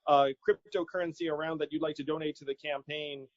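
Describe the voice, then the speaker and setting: A man's voice: a little high, steady tone, fairly quick, dry recording. A man being interviewed as a political candidate, talking casually and animatedly, quoting people in his stories and laughing easily. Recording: dull lo-fi audio.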